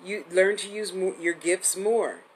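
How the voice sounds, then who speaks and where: A woman's voice: fairly low pitch, unhurried, poor audio. Woman in her fifties, live-streamed reading, chatty, affectionate, rambling, faint background noise. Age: 50s. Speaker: psychic medium host.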